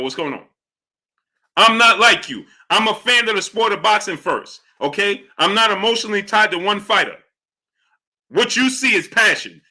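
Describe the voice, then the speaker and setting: On his live boxing chat stream, a man reads super chats and spars with viewers, repeatedly pushing for yes-or-no answers. As the show's host, he turns argumentative but greets chatters in a low, quiet aside.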